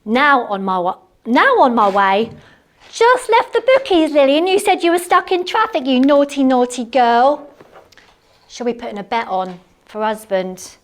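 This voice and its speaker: A woman playing a chatty, cleaning-obsessed housewife in a live one-woman comedy monologue, gushing and excitable, full of rambling asides. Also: medium pitch, normal speed, few pauses, lightly acted. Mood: gushing chatter. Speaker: stage comedy performer. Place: theatre stage.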